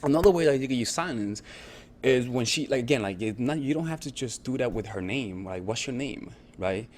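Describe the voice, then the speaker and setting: A man's voice: mid-range voice, expressive, fairly quick, a little mellow, slight background noise. A man coaching on dating in a casual, conversational talk, often checking in with his listener and swearing freely. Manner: conversational, repetitive check-ins, profane.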